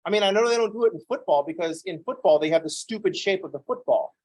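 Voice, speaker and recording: Chatty higher-voiced math lecturer man. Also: fast, few pauses, darkish tone, no room sound, rough recording. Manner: chatty, emphatic, self-deprecating. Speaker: math instructor. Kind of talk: lecture with digressive anecdotes.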